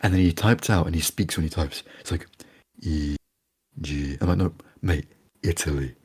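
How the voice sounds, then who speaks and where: Very deep, fast-talking British man. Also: darkish tone, breathy edge. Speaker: podcast co-host. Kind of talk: casual chat.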